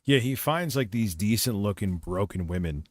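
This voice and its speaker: A man's voice: fairly low pitch, animated, normal speed, dry recording, clean studio sound. A man hosting a livestream who comments casually, rambling, crude and mocking. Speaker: livestream host.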